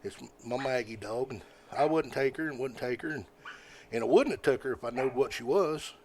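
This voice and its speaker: An older man, a podcast guest telling stories in a folksy, rambling way, often halting with fillers. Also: mid-range voice, expressive, background noise. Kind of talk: casual storytelling.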